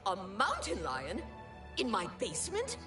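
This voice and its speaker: A woman's voice: mid-range voice, wildly swooping pitch, a little slow, distant mic. An actress playing a fretful woman in a video game who dotes on her pet rats, in a melodramatic, anxious manner. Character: fretful middle-aged woman fussing over pet rats. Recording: roomy game audio with music.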